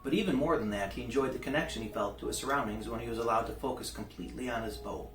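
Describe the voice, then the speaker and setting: A man reading a novel aloud in a relaxed way, with small restarts. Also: medium pitch, fast. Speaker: reader. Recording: roomy, distant mic, faint guitar music.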